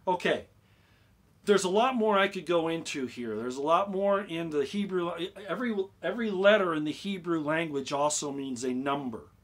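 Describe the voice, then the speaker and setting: Explaining on an informal YouTube livestream, a man with a fairly high voice keeps turning to his viewers with "okay?". He repeats himself and gets excited as he goes.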